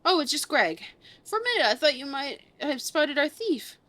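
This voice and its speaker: A woman playing a puffed-up gentleman detective from a video game, drawling in a southern accent and talking in stately, old-fashioned phrases. A bumbling adult man who takes himself very seriously, with a fairly high voice from the woman putting him on. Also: sing-song, normal speed, no room sound. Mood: pompous. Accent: put-on southern drawl. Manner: grandiose, old-fashioned formal diction. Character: pompous bumbling gentleman inspector, male adult. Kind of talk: reading game dialogue aloud.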